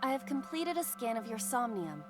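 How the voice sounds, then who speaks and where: A woman voicing a calm female AI partner in a video game, explaining things in a composed, matter-of-fact way. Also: fairly high pitch, moderate pace. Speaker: game character. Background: game music.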